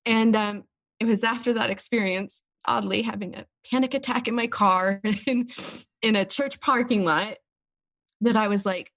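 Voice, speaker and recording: A woman's voice: fairly high pitch, steady tone, normal speed, fairly bright tone, dry recording. A woman, an interview guest talking openly and earnestly about personal experiences. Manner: earnest and open, tearful at times. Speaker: podcast guest. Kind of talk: candid interview talk.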